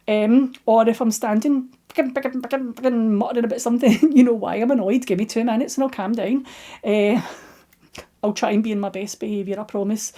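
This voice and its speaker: A middle-aged woman with a soft Scottish accent talks her viewers through her crafting week from a table at home. Her voice sits a little high but sounds mellow and warm. She rambles in an easy, chatty way and pokes fun at herself as she goes. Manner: rambling, self-deprecating, chatty. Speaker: knitting video host. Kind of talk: casual chat.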